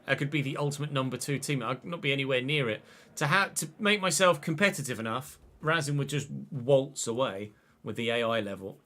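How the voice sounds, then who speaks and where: A man, chatting and commentating excitedly while streaming a football game. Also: medium pitch, brisk. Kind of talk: live gameplay commentary.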